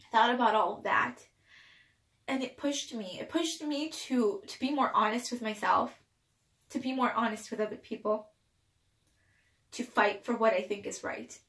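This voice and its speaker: Young woman, slightly high voice, crying while telling a personal story, halting delivery, roomy echo. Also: a bit bright. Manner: emotional, tearful, halting with restarts. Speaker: vlogger telling her own story. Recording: echoey room.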